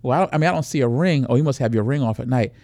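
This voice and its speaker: A man doing a pushy, smooth-talking predator. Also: mid-range voice, rapid-fire, no echo, lightly acted. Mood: flattering. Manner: flattering, then needling and hostile.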